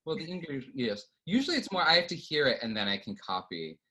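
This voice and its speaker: An American man who does impressions, chatting in a casual interview, animated and laughing often. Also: medium pitch, fast talker. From United States. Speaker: guest impressionist.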